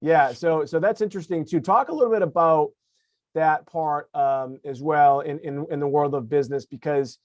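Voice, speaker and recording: A man's voice: on the high side, moderate pace, a little mellow, dry recording, muffled recording. Man, 40s, podcast host, restarts often, dry sound. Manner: thinks aloud, restarts often. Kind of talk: conversational interview.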